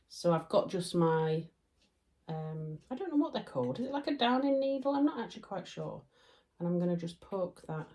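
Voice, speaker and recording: A woman's voice: fairly low pitch, darkish tone. A woman with a Yorkshire accent giving a chatty, laughing sewing tutorial from her home sewing room. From Yorkshire, England. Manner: chatty, self-deprecating, laughs often.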